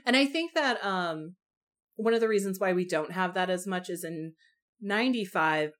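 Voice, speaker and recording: A young woman chatting about movies with a friend in a relaxed, rambling way. Her voice sits a little low for a woman. She leans on fillers and drops an occasional swear word. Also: normal speed. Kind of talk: casual chat about film adaptations.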